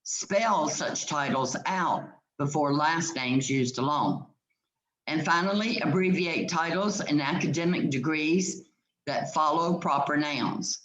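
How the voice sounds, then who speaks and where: A woman's voice: low-pitched, takes it slowly. Patient woman teacher in an echoey room. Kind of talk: classroom grammar lesson. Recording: roomy echo.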